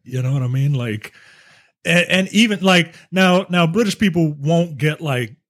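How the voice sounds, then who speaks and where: A man with a husky, slightly breathy voice chats loosely about video games, laughing often and swearing here and there. The sound is dry and close, with no room around it. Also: on the high side, normal speed, a bit bright, no room sound. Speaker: podcast co-host. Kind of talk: casual chat.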